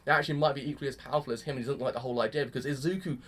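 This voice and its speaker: Fast-talking, excitable young man. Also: medium pitch. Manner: gushing, excitable, peppered with mild swearing. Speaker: anime reviewer. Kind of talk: casual reaction commentary.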